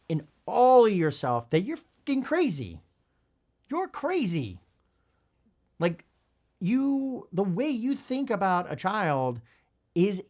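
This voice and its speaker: Guy podcaster riffing on a parenting book, blunt, swears a bit, pitch jumps all over. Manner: animated, blunt, swears, acts out kids in high voices. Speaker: podcast host. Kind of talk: casual commentary reading from a parenting book.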